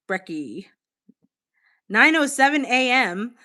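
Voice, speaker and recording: A woman's voice: medium pitch, expressive, a little slow, pushed and bright. Chatty woman streamer reading chat. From Boston, United States. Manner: chatty, candid, reacts to chat messages, casual swearing. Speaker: livestream host. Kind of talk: casual livestream chat, reading comments aloud.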